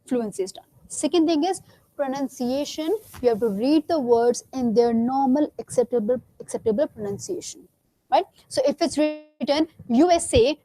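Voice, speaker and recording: A woman's voice: high voice, moderate pace, mellow, no echo. Firm woman teaching. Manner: firm, corrective, repeats words to drill pronunciation. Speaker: English test coach. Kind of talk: classroom teaching.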